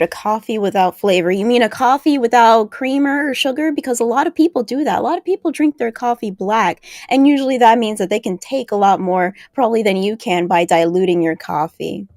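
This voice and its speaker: A woman co-hosting a live stream, reading trivia in a slightly high voice with hesitant ums. When teased she snaps back firmly. The sound is dry and close. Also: fairly quick, few pauses, darkish tone, no echo. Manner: hesitant, with filler ums, then snapping back. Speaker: co-host presenting facts.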